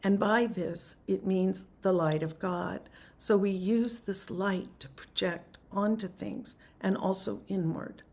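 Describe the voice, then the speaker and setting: A woman leading a spiritual class on a video call, teaching in a soft, reflective, unhurried way and guiding a chant. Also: medium pitch, steady tone, vocal fry.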